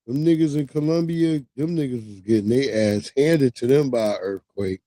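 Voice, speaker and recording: This livestream host, a man in his thirties, delivers casual, foul-mouthed commentary on news clips in an animated storytelling style. He has a mid-range voice at a moderate pace with few pauses, recorded dry.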